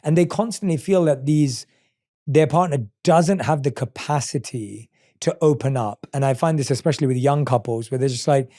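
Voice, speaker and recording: A man's voice: medium pitch, moderate pace, warm tone. A man hosting a podcast, asking long, reflective questions. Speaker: podcast host. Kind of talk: podcast interview.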